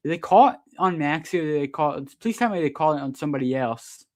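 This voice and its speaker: Excitable man calling a game live. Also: a little high. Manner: partisan, quick to protest calls, excitable. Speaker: sports streamer doing play-by-play. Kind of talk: live fan play-by-play commentary.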